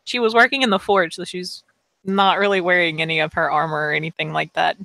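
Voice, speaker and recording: Woman, game master, slow descriptive narration, fairly low voice, dry recording. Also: steady tone, vocal fry, pushed and bright, dry recording, poor audio.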